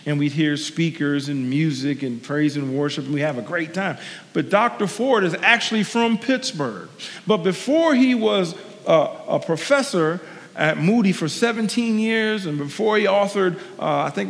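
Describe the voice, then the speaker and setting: A man's voice: fairly high pitch, in a large hall. A man delivering a sermon as a guest preacher, earnest and conversational, repeating his key lines for emphasis with personal asides. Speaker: guest preacher, sports team chaplain.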